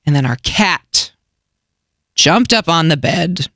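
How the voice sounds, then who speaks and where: A young adult woman hosting a radio show, telling a funny story in a casual, lively way and acting out voices. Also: low-pitched, takes it slowly, no echo, studio quality.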